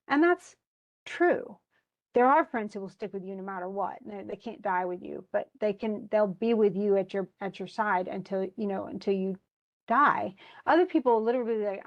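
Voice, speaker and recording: A woman giving a lively classroom lecture, acting out characters' lines as she explains them. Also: mid-range voice, dull audio. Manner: animated, acts out characters' lines in quotes. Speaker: literature lecturer.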